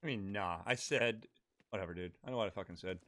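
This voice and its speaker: A man's voice: fairly low pitch, fast, a bit bright. A man streaming a game and chatting casually with his viewers, talking bluntly and swearing heavily. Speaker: gaming live streamer. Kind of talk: casual live-stream chat.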